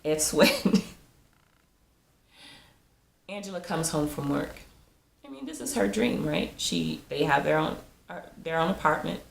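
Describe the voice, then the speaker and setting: A woman's voice: deep voice, lively intonation, measured pace, creaky, pauses often, a little hiss or hum. A woman giving a chatty, casual recap of a TV episode, laughing often and acting out the characters' lines. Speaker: TV episode reviewer. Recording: roomy echo.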